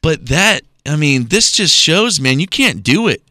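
A man's voice: fairly high pitch, big pitch swings, a little slow, sharp tone, no room sound, studio quality. A man co-hosting a comedy podcast, scolding his partner in an exasperated tone. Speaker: podcast co-host.

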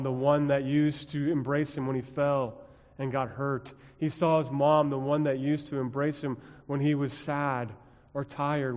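A man preaching and praying as a pastor, telling a story dramatically, dropping quiet and then building emphasis. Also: mid-range voice. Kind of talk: sermon. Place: church sanctuary. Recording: long church reverb.

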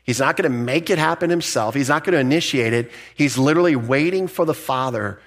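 A middle-aged man pastor teaching verse by verse through scripture, conversational and emphatic, with asides and quick self-corrections. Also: mid-range voice.

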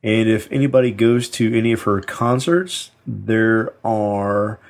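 Man, podcast co-host, reads news aloud, lots of uhs, dry asides, lowish voice. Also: unhurried. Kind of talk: reading news story in casual chat.

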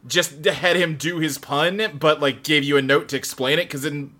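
A man's voice: on the high side, steady tone, moderate pace, pushed and bright. A man co-hosting a casual podcast, chatty and peppering his talk with "like". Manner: chatty, leans on "like". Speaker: podcast co-host. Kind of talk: casual chat.

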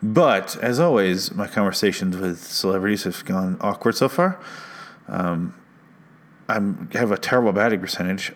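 A man's voice: low voice, normal speed. A man hosting a comedy podcast from a studio, talking into a close mic in a rambling, sarcastic, self-mocking way. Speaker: podcast host. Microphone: studio mic with headphones.

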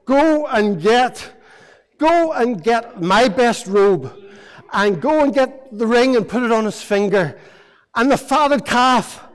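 A man playing a loving old father, slow and emphatic. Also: high voice, sing-song, clear, resonant tone. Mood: overjoyed. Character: loving old father welcoming his son home.

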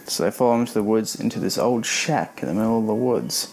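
Sarcastic gravelly-voiced man reviewing a book. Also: on the low side, quick pace, hardly any pauses, darkish tone, slight background noise. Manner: sarcastic, rambling recap. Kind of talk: casual spoken book review.

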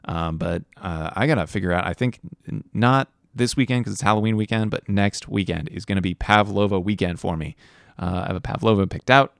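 A man's voice: on the low side, brisk, gravelly, no echo, clean studio sound. A tired young man rambling through casual fantasy football podcast commentary as the league's host, often restarting his sentences. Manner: rambling, self-correcting, yawning and tired.

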